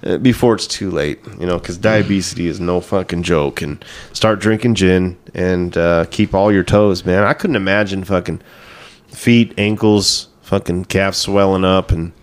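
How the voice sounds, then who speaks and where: A man co-hosting a comedy podcast, chatting bluntly with lots of profanity and quick reactions. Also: low-pitched, steady tone. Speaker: podcast co-host. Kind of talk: casual comedic chat.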